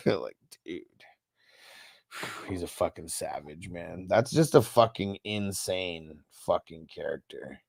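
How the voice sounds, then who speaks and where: A man's voice: on the low side, slow pace, gravelly, dry recording, clean studio sound. A young man hosting a casual livestream, reading out chat comments in a loose, rambling way and swearing freely. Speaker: host.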